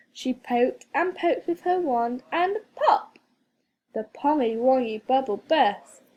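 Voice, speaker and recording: A woman reading a children's storybook aloud as a teacher, expressive and playful with sound effects. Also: on the high side.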